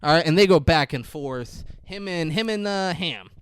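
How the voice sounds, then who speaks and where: A man co-hosting a podcast, recapping a movie in a profane, animated way. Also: a little high, moderate pace, clean tone, no echo. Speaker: podcast co-host. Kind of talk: casual movie recap chat.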